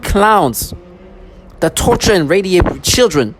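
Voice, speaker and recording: A man's voice: high voice, expressive, takes it slowly. A man delivering an agitated, accusatory monologue in a repetitive style. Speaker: vlogger. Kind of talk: angry monologue. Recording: noisy background.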